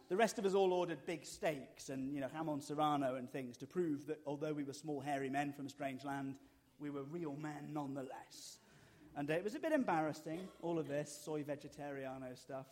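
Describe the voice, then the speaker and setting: A man's voice: a little high, normal speed, darkish tone. A middle-aged man, preaching a sermon and telling stories with dry, self-mocking humor. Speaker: pastor.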